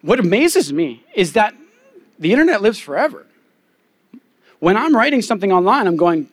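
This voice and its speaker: A man's voice: high-pitched, sing-song, normal speed, long pauses. A young adult man, a pastor, preaching a conversational sermon and telling candid personal stories.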